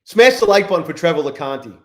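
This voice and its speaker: A young man talks loosely and profanely to his live audience as he trades, his voice sitting fairly high. He keeps greeting chat viewers by name between remarks. The room around him rings with echo. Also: expressive, fairly quick. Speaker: live-stream trading host. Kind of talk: casual live-stream chat. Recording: echoey room.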